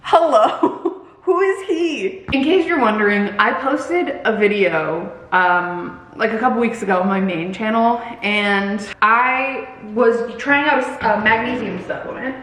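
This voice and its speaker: A woman's voice: mid-range voice, measured pace, few pauses, a bit bright, reverberant, a little hiss or hum, low-quality recording. A woman in her thirties chatting casually in her home kitchen while she cooks, giggly and dramatic. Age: 30s. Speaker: vlogger. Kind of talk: casual chat.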